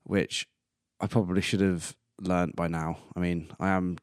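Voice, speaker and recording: Young man, 20s, solo podcast host: very deep voice, dry close-mic sound, rambling and self-amused. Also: level tone, unhurried, clear, resonant tone, dry recording. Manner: rambling and self-amused, laughing at his own jokes. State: coughing and burping now and then. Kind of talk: casual solo podcast monologue.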